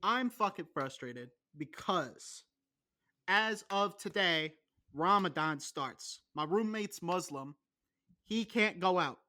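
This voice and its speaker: Young male podcast host with a high, sharp voice. Excitable and profane. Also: slow. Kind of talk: casual podcast banter.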